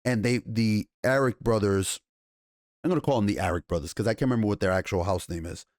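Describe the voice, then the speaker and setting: A man giving a casual, excited TV episode review, swearing often, restarting sentences and paraphrasing scenes in slangy voices. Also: lowish voice, fast talker, no echo, clean studio sound. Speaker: TV show reviewer.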